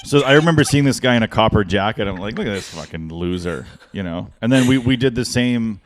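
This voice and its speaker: A man's voice: medium pitch, quick pace, noisy background. A man co-hosting a podcast, telling a rambling, self-deprecating story in a casual way with lots of restarts. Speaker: podcast co-host.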